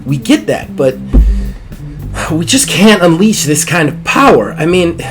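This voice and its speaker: A man's voice: on the high side, big pitch swings, a little slow, over music. A man voicing a firm, businesslike male official in a tabletop game.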